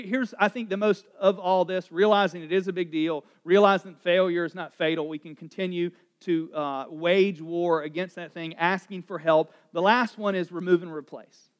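A middle-aged man, a pastor, giving a conversational sermon that moves from quiet asides to loud emphatic preaching. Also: sits high.

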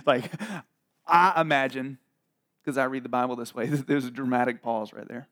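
A man preaching a sermon as pastor, joking and animated, with laughs and acted asides. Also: medium pitch, normal speed.

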